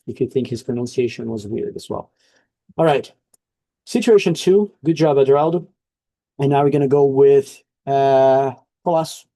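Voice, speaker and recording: A man's voice: mid-range voice, mellow, dry recording. Man teaching an online english class. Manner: explaining, coaching, frequent checks.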